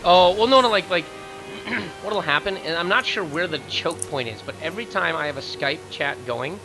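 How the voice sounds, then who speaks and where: A man casting a live video game match, getting loud and fast during fights. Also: creaky, music in the background, rough recording. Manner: excitable, rising to high-pitched rapid calls in fights. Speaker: esports caster. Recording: faint background noise.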